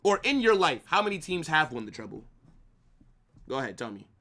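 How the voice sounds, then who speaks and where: A man's voice: a little high, very animated, a little fast, sharp tone. A man streaming a live football watch-along, arguing with his chat in a brash, trash-talking way, swearing freely and calling viewers bro and brother.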